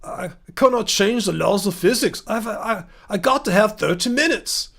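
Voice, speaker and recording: A man's voice: sits high, lively intonation, normal speed, gravelly, fairly bright tone, heavily acted. A man doing Scotty, a hammy mock-Scottish engineer. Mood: exasperated. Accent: Scottish, put on. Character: exasperated male starship engineer.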